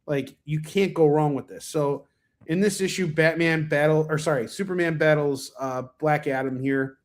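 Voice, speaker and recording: A man with a slightly high, steady voice talks at normal speed while hosting a casual comics-review livestream. His delivery is rambling and keen, packed with fillers and restarts, with a cough here and there.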